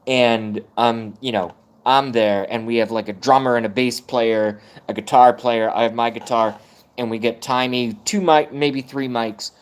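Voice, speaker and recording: A man's voice: medium pitch, steady tone, measured pace, smooth. A man in his thirties ranting on a live stream, rambling and self-mocking, swearing often. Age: 30s. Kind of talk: casual rant on a live stream.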